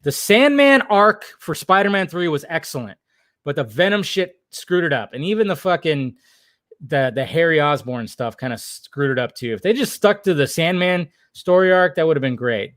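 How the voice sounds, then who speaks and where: A man's voice: on the high side, animated, moderate pace, a bit bright, dry recording, clean studio sound. A young man hosting a casual livestream, reading chat and rambling, jokey and full of swearing.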